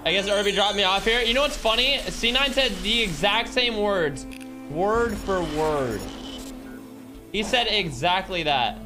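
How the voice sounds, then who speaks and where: A man's voice: high-pitched, animated, normal speed, hardly any pauses. A young man casually commenting on a video game he is playing, joking and greeting viewers by name. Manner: jokey, chats with viewers while playing. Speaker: streamer. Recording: game music playing behind.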